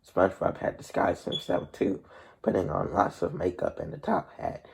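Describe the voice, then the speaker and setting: A man reading a novel aloud as narrator in a gravelly, husky voice, with plain delivery, slips and restarts. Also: sits low, very animated, normal speed.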